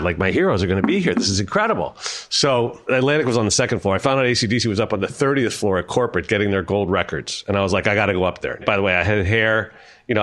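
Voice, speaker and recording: A man guest on an interview podcast, telling animated, profane anecdotes and acting out the people he quotes. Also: on the low side. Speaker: record executive guest. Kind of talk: storytelling interview.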